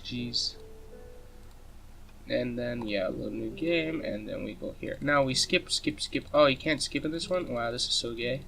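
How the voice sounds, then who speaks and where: A man's voice: medium pitch, a bit bright, slight background noise. A man playing through a visual novel, reading its text aloud and commenting, swearing freely and stumbling over words. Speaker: let's play gamer.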